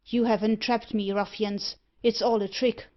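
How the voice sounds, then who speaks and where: A stuffy old merchant, quick to fright and quicker to scold, read by a woman. The storybook reading comes across muffled and lo-fi, at a middling pitch. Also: steady tone, close to an everyday voice. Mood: alarmed. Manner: indignant and stiff. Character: frightened pompous old male iron merchant. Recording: muffled lo-fi audiobook recording.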